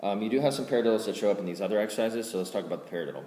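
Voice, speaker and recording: Deep-voiced guy walking through drum rudiments, counts out loud, echoey room with long reverb. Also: rapid-fire, faint music behind. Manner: counts strokes aloud in a louder voice, trails off quietly after explanations. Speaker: drum teacher. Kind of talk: casual instructional explanation. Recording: roomy reverb with loud background noise.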